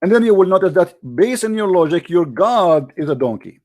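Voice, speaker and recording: A man's voice: high-pitched, expressive, fairly quick, darkish tone. A man hosting a heated call-in debate, arguing hard and repeating his questions over and over. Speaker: debate host.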